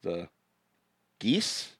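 A man's voice: very slow, fairly bright tone, no echo. Rambling jokey man, dry close sound. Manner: rambling, jokey, trails off and restarts. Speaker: podcast co-host. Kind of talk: casual banter.

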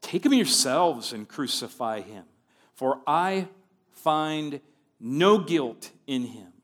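A man's voice: a little high, expressive, measured pace, a bit bright. A man voicing an exasperated, commanding Roman governor in a raised, emphatic reading voice. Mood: insistent.

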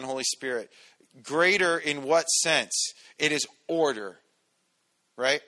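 A man's voice: fairly high pitch, sharp tone. A man preaching a sermon as pastor, teaching through a scripture passage in a casual way with joking asides and frequent restarts. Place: church sanctuary.

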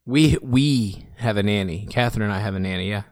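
A man's voice: fairly low pitch, fairly quick, a little mellow. Easygoing podcast co-host, man. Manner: easygoing, laughs often. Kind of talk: casual chat.

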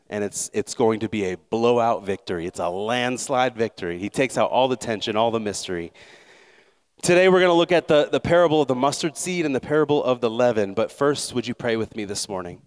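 A man's voice: mid-range voice, lively intonation, a little fast. A man pastor giving a conversational Sunday sermon in church, leading a prayer and asking the congregation to repeat after him.

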